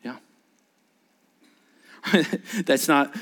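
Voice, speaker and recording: A man's voice: a little high, very animated, measured pace, pauses often. A man preaching a sermon as a pastor, talking conversationally, asking rhetorical questions and acting out quoted speech. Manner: acts out quoted speech in varied voices.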